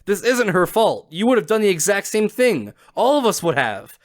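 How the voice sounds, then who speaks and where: A man's voice: sits high, sing-song, normal speed, voice pushed up. Frightened young woman, pleading, voice a touch raised, read by a man. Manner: pleading, defensive.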